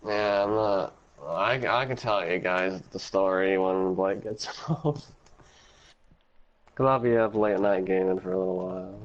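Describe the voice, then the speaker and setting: A man's voice: sits low, unhurried. A man hosting a casual gaming livestream, laid-back and laughing often, reading chat aloud. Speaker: streamer host. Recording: dull lo-fi stream audio with faint noise.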